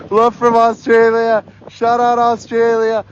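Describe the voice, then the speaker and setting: A hoarse young man livestreaming outdoors on a snowy street, excitedly yelling shout-outs to viewers. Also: sits high, lo-fi sound, slight background noise. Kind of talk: live stream reading out viewer donations.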